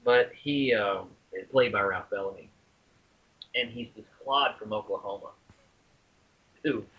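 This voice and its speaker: A man's voice: lowish voice, measured pace, breathy edge. A man from the US South co-hosting a podcast in casual chat. He is chatty and stumbles over his words when amused. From US South (Arkansas, Alabama). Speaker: podcast co-host. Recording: dull lo-fi podcast audio.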